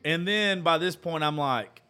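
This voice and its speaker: A man telling a crude story in a casual chat, animated and laughing as he swears. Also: on the high side, unhurried, clean tone.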